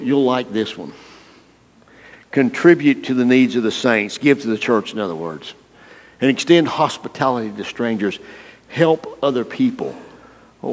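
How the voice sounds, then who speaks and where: A pastor with a medium-pitched, slightly breathy voice delivers a folksy, playful sermon in a church, calling out congregation members by name. The recording carries the long reverb of a church hall.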